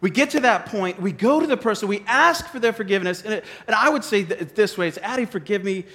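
A man in his forties preaching a sermon, his voice pitched high and lively as he jokes with the congregation. He talks in a loose, conversational way on a worn mic. The sound carries a long reverb from a large church hall. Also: fast. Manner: animated, joking, conversational. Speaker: pastor. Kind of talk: sermon with a live demonstration. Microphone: wearing a mic.

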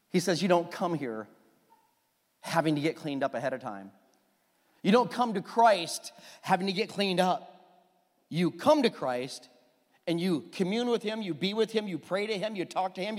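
A man preaching a sermon as pastor, lively and joking, acting out little quoted exchanges. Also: high-pitched. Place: church sanctuary. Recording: long church hall reverb.

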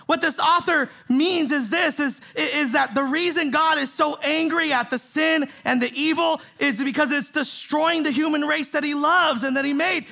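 Gravelly, bright-voiced male pastor preaching. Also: very high-pitched. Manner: emphatic, repeats key phrases for stress; conversational, often asks "right?" and "see?". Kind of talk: sermon. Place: church in the Bay Area.

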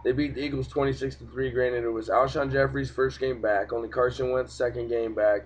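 A man's voice: mid-range voice, steady tone, fairly quick. A young man hosting a casual sports podcast, talking in a profane, ranting way about games and referees. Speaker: podcast host. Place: home room, cat nearby. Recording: dull lo-fi home podcast recording.

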